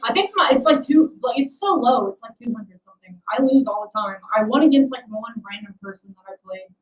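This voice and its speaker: A woman's voice: a little high, expressive, a little fast, soft background music, rough recording. A young adult woman hosting a casual livestream, rambling and self-deprecating as she chats with her viewers. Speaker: livestream host.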